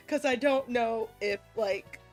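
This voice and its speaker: Giggly, slow-talking woman streamer. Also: fairly high pitch. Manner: giggly, self-deprecating asides. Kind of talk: casual game stream commentary.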